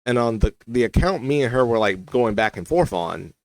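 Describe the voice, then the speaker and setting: A young man speaks straight to his viewers about his own life, drifting from thought to thought with lots of "like" and "you know". His voice sits at an ordinary middle pitch. The sound is dry and close, with no room around it. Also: animated, normal speed, no echo, low-quality recording. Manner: rambling, heavy use of "like" and "you know". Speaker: vlogger. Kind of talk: personal storytelling monologue.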